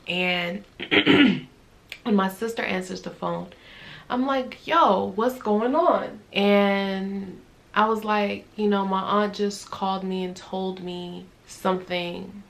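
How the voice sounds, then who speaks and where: A young adult woman vlogs a personal story in a casual, conversational way, animatedly acting out the dialogue she quotes and often saying "I'm like" and "right?" Her voice is mid-range and slow-paced, with slight background noise.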